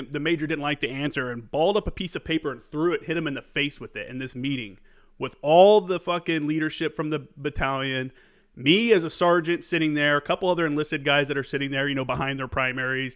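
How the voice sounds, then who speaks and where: A man's voice: fairly high pitch, fast talker, a bit bright. A man hosting a podcast, a former Marine sergeant, chatting candidly and swearing casually. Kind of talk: casual chat.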